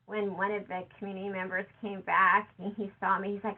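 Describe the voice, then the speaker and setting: A woman giving a conversational conference talk, acting out quotes from other people. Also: brisk. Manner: conversational, quotes others with lively shifts in pitch. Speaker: conference speaker. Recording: tinny phone-like audio.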